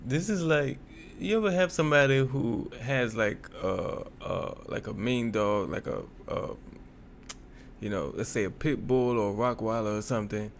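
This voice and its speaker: A male reaction host giving casual, joking commentary, laughing and telling an animated story. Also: medium pitch, moderate pace, creaky, a little hiss or hum.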